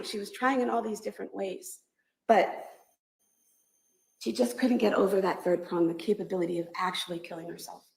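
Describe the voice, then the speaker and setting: Woman prosecutor, gravelly voice, closing argument, emphatic repeated phrases, roomy courtroom sound. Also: medium pitch, darkish tone. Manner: measured, emphatic, builds through repeated phrases. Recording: echoey courtroom audio.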